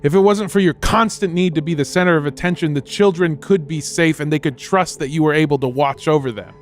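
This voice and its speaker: A man's voice: a little high, fairly quick, faint music behind, lightly acted. A man voicing a vengeful, hulking male killer who owns a camp, indignant and accusing.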